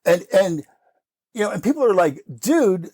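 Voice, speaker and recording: A middle-aged American man telling candid, animated stories about his recovery and acting out the voices of the people in them, laughing often. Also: sits high, moderate pace, dry recording. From United States. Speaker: podcast guest.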